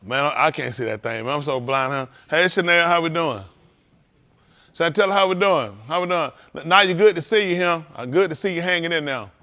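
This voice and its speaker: Guy joking around on a livestream, high voice, all over the place pitch-wise. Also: fairly quick. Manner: animated storytelling, acting out quoted voices, laughing. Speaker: livestream host at a congregation. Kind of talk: casual joking talk to a livestream audience.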